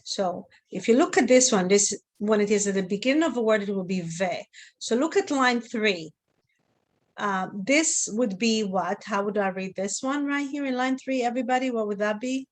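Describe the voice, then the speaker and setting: A woman's voice: medium pitch, animated, normal speed. Patient woman teaching a class online, checking on her students. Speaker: Hebrew teacher.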